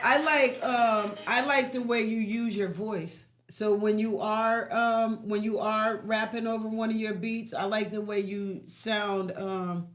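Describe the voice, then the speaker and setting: Woman host hyping up the guest, upbeat, loud music behind her. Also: medium pitch, unhurried, few pauses. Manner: energetic hype-calling, encouraging. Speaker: podcast host. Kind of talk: hype intro and interview chat. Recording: clear music playing behind.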